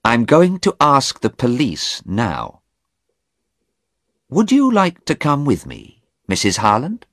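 A man voicing a careful, thoughtful lawyer in an audiobook, speaking slowly and questioningly. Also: mid-range voice, wildly swooping pitch, fairly bright tone, dry recording, studio quality, pitched above the performer's own voice, heavily acted. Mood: determined. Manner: measured, questioning.

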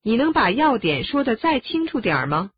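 A woman reading short prompts for a language lesson in a scripted, expressive way. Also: on the high side, a little fast, husky, no echo. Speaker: lesson narrator giving Chinese prompts. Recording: dull, dry lo-fi studio recording.

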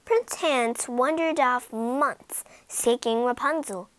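A woman narrating a fairy tale in an expressive, dramatic storytelling manner. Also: on the high side, takes it slowly, no echo, low-quality recording.

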